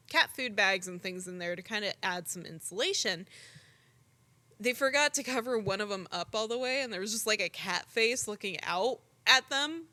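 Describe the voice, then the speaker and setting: A young woman co-hosting a podcast, telling stories in an animated, casual way full of "like" and the odd swear word. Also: medium pitch. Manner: animated storytelling, frequent "like" and swearing. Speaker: podcast co-host. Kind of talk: casual chat.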